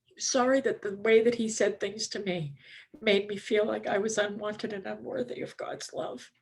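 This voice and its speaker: A woman's voice: medium pitch, steady tone, moderate pace, creaky, slightly rough. Older woman giving candid testimony. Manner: candid, conversational, many "you know" fillers. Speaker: recovery speaker at a conference. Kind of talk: personal testimony talk.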